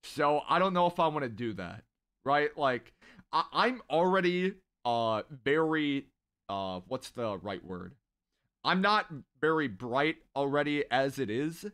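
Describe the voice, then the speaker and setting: A man hosting a casual live stream, talking at length and giving shout-outs to viewers from his home. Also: on the high side, big pitch swings, a little slow, clean tone. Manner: rambling and talkative, shouting out viewers. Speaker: live-stream gaming host.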